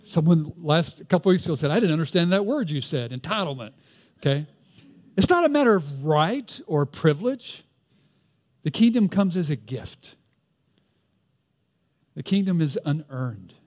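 Male preacher, Southern US accent, fairly high voice, easygoing sermon delivery. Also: sing-song, normal speed, long pauses, a little mellow. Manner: conversational, asks rhetorical questions, reads scripture aloud.

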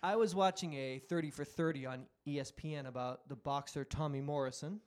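Animated high-voiced man telling stories. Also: brisk. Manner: animated storyteller, acts out loud quotes, swears freely. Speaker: podcast host. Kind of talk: casual chat.

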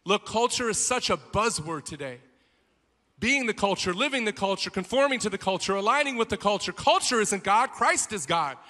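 A male pastor preaches with a high, very bright, sharp voice, swelling into rousing exhortation. His words ring out in a large conference hall with a long reverb trailing behind. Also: lively intonation, moderate pace. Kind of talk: sermon.

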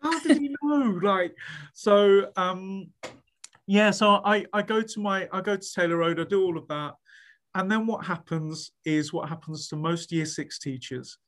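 A man's voice: high-pitched, measured pace. Guy, head teacher on a podcast, chatty, lots of false starts, acts out other people's lines. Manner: animated storyteller, many restarts, acts out quoted speech. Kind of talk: casual podcast interview.

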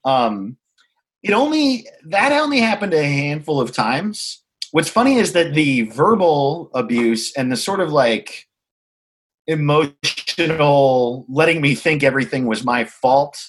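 Candid, swearing man with a higher voice. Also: fairly bright tone. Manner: frank, swears freely, halting and reflective. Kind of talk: candid conversational storytelling.

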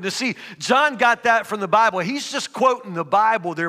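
High, bright-voiced preacher in a hall. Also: male voice, lively intonation, normal speed, few pauses. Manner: reads scripture then builds to emphatic, rising preaching. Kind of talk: sermon. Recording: reverberant hall.

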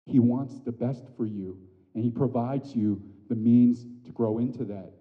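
A man in his thirties delivers a sermon in a church sanctuary, his delivery animated, climbing to loud emphatic peaks before sinking to soft, hushed lines. The sound is slightly dull, and a long reverb trails behind every phrase. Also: medium pitch, unhurried. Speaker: pastor.

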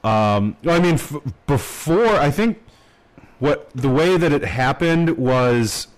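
A man's voice: fairly high pitch, expressive, slow pace, poor audio. A man co-hosting a podcast, telling a story in a rambling, casual way with lots of fillers and swearing. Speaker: podcast co-host. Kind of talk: casual chat.

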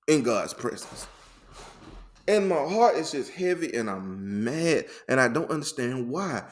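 A man speaking candidly in a faith talk, his voice sitting at an ordinary middle pitch. He talks in a loose, slangy, repetitive way, circling back to the same phrases as he builds his point, and jumps up high when he gets worked up. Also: unhurried. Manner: animated, repetitive, conversational with slang. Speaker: faith podcast co-host.

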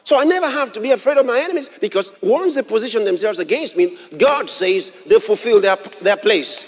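A man preaching a sermon, reading scripture aloud and repeating key phrases with emphasis, sometimes bursting into shouts. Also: high voice, sing-song, normal speed, husky. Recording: long hall reverb.

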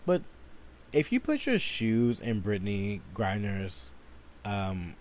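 A man's voice: on the low side, wildly swooping pitch, takes it slowly, darkish tone, slight background noise. A man hosting a solo podcast, ranting angrily and profanely with lots of filler words. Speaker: podcast host.

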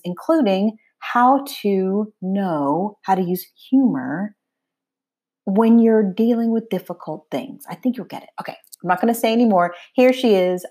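A woman's voice: medium pitch, warm tone, husky. A woman introducing her podcast episode in a gushing, enthusiastic way. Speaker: podcast host.

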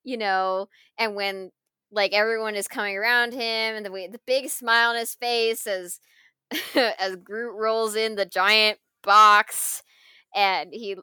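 A woman co-hosting a casual chat, retelling a film scene in an animated way, full of fillers and frequent laughter. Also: medium pitch, unhurried, clear, resonant tone, no room sound.

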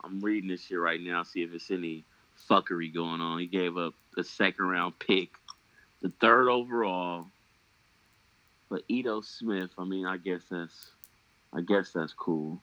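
A man with a lower voice and a forceful, bright edge talks in loose, joking podcast chat. He swears freely and trails off into fillers, and his voice sounds dry and close. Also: fairly even intonation, unhurried, dry recording, highs cut off. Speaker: podcast host. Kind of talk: casual fantasy football chat.

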